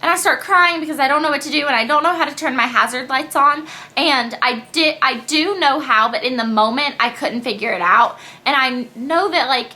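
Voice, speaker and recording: Young female vlogger, high crisp voice, casual storytelling to camera, lively asides. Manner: chatty and animated, quick asides and quoted voices. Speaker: beauty vlogger.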